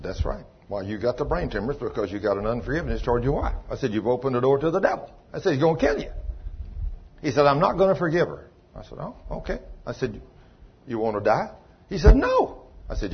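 A man preaching a sermon as pastor, telling a story and acting out the dialogue, swinging between loud and soft. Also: medium pitch, wildly swooping pitch, fast talker, husky, lo-fi sound.

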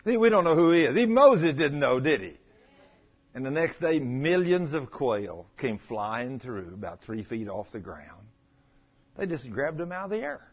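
An older man preaching a folksy, animated sermon about healing, acting out the voices in his stories. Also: mid-range voice, normal speed, breathy edge. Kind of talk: sermon storytelling. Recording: dull lo-fi recording.

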